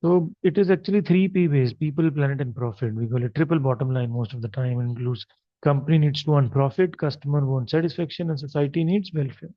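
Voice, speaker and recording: A man's voice: on the high side, fast, no room sound. A male marketing lecturer with an Indian English accent, explaining slides unscripted with frequent fillers. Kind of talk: recorded lecture over slides. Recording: dry, slightly dull recording.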